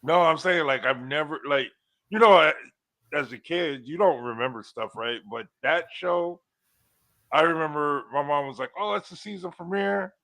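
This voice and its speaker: A man's voice: a little high, moderate pace, pushed and bright. A man in his forties in casual, teasing chat on a trivia livestream, rambling with restarts as he remembers. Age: 40s. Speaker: livestream co-host.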